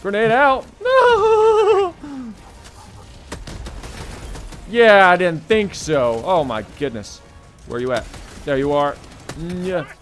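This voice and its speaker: A man with a high, animated voice commentates a co-op shooter as he plays, yelping and laughing. His pitch leaps about constantly. Faint game music plays underneath. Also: slow pace, pauses often. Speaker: gaming channel host. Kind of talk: let's play commentary.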